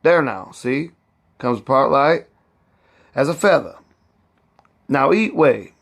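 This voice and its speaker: A man's voice: mid-range voice, sing-song, slow pace, vocal fry, fairly bright tone, full character voice. A man reading aloud and voicing a proud, fussy older woman cook who scolds and boasts in heavy old Southern dialect. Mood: boastful.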